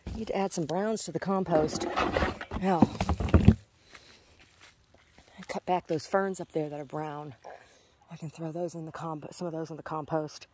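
Low-pitched and warm, her voice keeps a fairly even intonation at a moderate pace, with a faint hiss or hum on the recording. As she walks her backyard garden for a casual vlog, she chats, mutters to herself, and coos at the chickens in sing-song baby talk.

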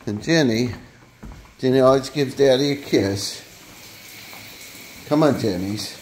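A man's voice: medium pitch, slow pace, a little mellow, a little hiss or hum. A man filming at home, talking to his dogs in playful, cooing baby talk and speaking their thoughts aloud. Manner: coos and voices the dogs' thoughts in silly baby talk. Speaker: dog owner filming his pets.

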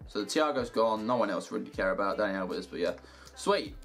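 A young man giving casual commentary over gameplay, muttering to himself and cheering loudly at good results. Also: fairly low pitch, fairly quick, faint music behind. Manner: excitable, shouts and cheers at good packs. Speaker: gaming YouTuber.

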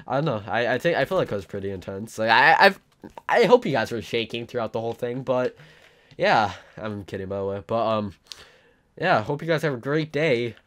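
A man's voice: mid-range voice, animated, a little fast, fairly bright tone. Rambling teenage guy telling a story. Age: teens. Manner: rambling, self-mocking, dramatic. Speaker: YouTuber. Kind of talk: casual storytime vlog.

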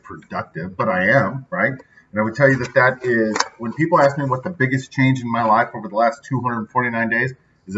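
Male podcast host, middle pitch, chatty motivational delivery; slightly off-mic, dull recording. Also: sharp tone, distant mic. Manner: upbeat, chatty, with many filler asides. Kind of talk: casual daily motivational talk.

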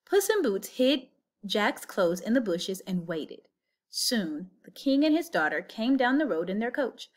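A woman reading a children's picture book aloud, with an expressive story-telling lilt. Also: medium pitch, measured pace. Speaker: storybook reader.

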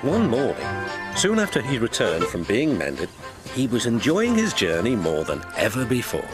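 A man tells a children's story in an expressive, gentle voice at a middling pitch that rises and falls widely. Music plays clearly under the narration. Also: normal speed. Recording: music playing behind.

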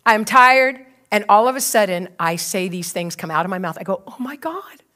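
A woman's voice: medium pitch, brisk, bright, forceful tone. A woman in her sixties, a pastor, telling a funny story in a sermon and acting out her own part with laughter. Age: 60s.

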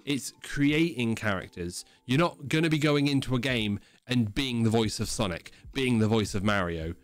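A man's voice: mid-range voice, normal speed, dry recording. A man co-hosting a podcast in casual chat, blunt and teasing, with rambling explanations. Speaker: podcast co-host.

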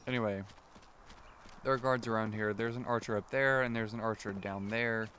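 A man's voice: on the low side, fairly even intonation, normal speed, pushed and bright, a little hiss or hum. A man casually commenting on his gameplay as a let's play host, chatty and rambling, often correcting himself. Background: game music.

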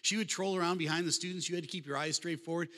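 A man in his fifties tells funny stories to a crowd, talking fast with a bright, forceful voice. He keeps turning to his listeners in a warm, conversational way. His voice rings with the long reverb of a big hall. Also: on the high side, fairly even intonation. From Michigan, USA. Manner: humorous, conversational, addresses the audience directly. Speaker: guest speaker. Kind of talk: storytelling talk.

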